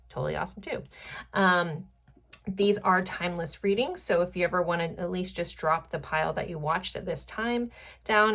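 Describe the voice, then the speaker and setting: Chatty low-voiced woman with gravelly fry. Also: fairly bright tone. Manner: chatty, rambling, many ums. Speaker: tarot reader. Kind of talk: casual tarot reading to camera.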